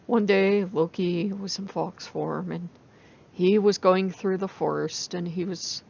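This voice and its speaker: A woman's voice: mid-range voice, creaky, a little mellow, dull audio, slight background noise. A woman telling a story in a loose, chatty way, with many fillers. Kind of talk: casual spoken storytelling.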